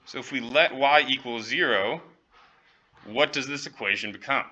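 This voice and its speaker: A male professor lectures in a classroom, walking students through a problem step by step and checking that they follow. His voice is very bright and forceful. The recording is slightly muffled. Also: mid-range voice, normal speed. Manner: light, joking asides. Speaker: economics professor.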